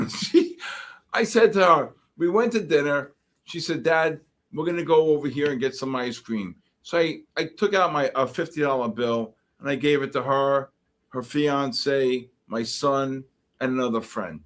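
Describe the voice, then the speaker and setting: A man's voice: medium pitch, unhurried. A middle-aged man hosting a livestream, chatting casually and reacting to comments with joking exasperation. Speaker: livestream host. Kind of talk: casual chat reading live comments.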